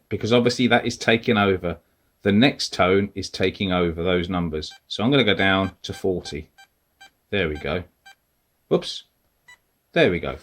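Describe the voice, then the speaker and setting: Low-voiced man explaining detector settings. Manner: relaxed, explains step by step while pressing buttons. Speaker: metal detecting tutorial host. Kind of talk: casual instructional walkthrough.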